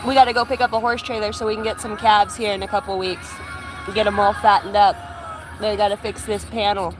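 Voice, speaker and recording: A woman's voice: mid-range voice, level tone, fairly quick, a crowd in the background, rough recording. Casual woman livestream host, salty and rambling, outdoors with music playing behind. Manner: loose, profane, greets viewers by name. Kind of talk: casual morning livestream chat. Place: outdoors by a truck at dawn.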